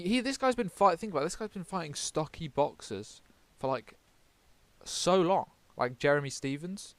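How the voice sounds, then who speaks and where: Talking loosely about who he thinks will win upcoming fights, this MMA vlogger from the United Kingdom curses frequently and keeps backtracking to fix what he's said. He has a slightly high, smooth, clear voice, captured dry without any room reverb.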